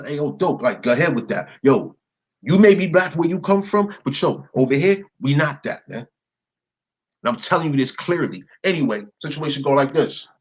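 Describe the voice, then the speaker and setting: His voice is fairly high, animated and husky, at a moderate pace, and the audio quality is poor. The young man rants casually and profanely through a story, punctuating it with "yo" and "right?"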